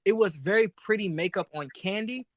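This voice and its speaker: Sassy, laughing drag podcast host. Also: male voice, sits high, moderate pace, no echo. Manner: sassy, animated, laughs often. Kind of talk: casual chat.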